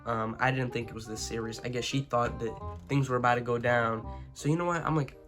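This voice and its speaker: A young man tells a story about school in a loose, rambling way, swearing freely and checking in with his listeners. His voice sits at an ordinary middle pitch for a man. A soft guitar track plays faintly behind him. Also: steady tone, a little fast. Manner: rambling, profane, full of "you know what I'm saying". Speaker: vlogger. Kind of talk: casual storytime.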